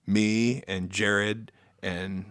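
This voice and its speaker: Speaking extremely slowly in a clear, resonant, lowish voice, a middle-aged American man chats casually as a podcast guest, sharing band stories. He animates them by acting out quotes with sudden loud jumps. The studio sound is clean, with no echo.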